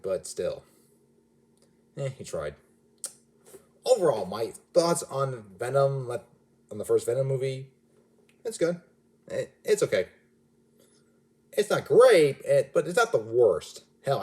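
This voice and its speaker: A man's voice: mid-range voice, dark tone. A man giving a casual, rambling movie review, often restarting and correcting himself mid-sentence. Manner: rambling, self-correcting, chatty.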